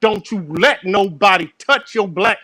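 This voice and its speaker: Bright earnest man in a dry room. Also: high voice, measured pace, dry recording. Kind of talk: casual chat.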